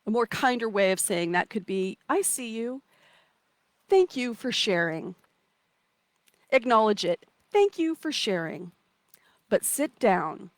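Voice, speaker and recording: A woman's voice: medium pitch, dry recording. Woman coach talking outside on a live call, playful and upbeat, pretty dry sound. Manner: warm, playful, reads out chat comments; acts out inner voices. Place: outdoors.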